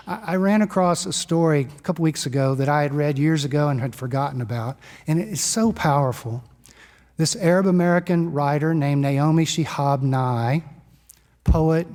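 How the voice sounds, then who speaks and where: A man preaching a sermon as pastor, telling stories in a conversational, lively way. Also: a little high. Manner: storytelling, conversational and animated. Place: church sanctuary. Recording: long church reverb.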